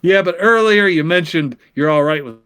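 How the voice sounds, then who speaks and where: A man's voice: on the high side, normal speed, a bit bright, smooth. A man co-hosting a crude comedy podcast, playing the exasperated straight man who swears and pushes his partner to get on with it. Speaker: podcast co-host.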